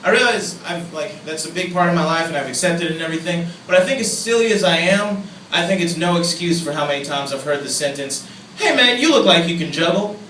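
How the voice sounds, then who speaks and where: A young man doing a self-mocking stand-up comedy set, swinging between low asides and loud mock outbursts. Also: fast talker, hardly any pauses. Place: comedy club stage with audience. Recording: echoey, distant, room noise.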